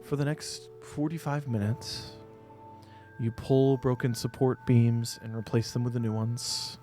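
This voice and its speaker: A man narrating a tabletop game as game master, telling the scene in a relaxed way with small fillers. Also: mid-range voice, unhurried, faint music behind.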